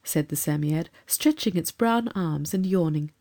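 Mellow-voiced woman narrating a storybook. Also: deep voice, measured pace. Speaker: audiobook narrator.

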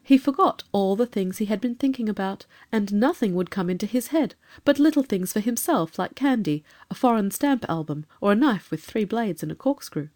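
A woman reading a children's storybook in a calm, measured, expressive manner. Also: medium pitch. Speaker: narrator.

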